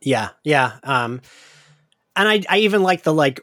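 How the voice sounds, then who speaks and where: A man's voice: on the high side, big pitch swings, unhurried, a bit bright, no room sound, studio quality. A man hosting a casual chat, laughing often and talking with plenty of fillers. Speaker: podcast host.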